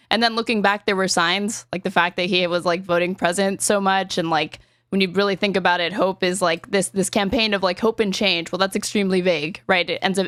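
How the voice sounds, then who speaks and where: A woman's voice: medium pitch, a bit bright, no room sound, studio quality. Argumentative woman in casual political chat. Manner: rapid, argumentative, heavy on filler words and swearing. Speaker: podcast host.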